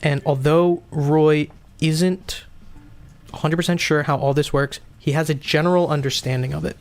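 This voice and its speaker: A man's voice: fairly high pitch, steady tone, moderate pace, soft background music. A man as game master, patiently explaining rules and checking in with his player. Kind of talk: running a tabletop game.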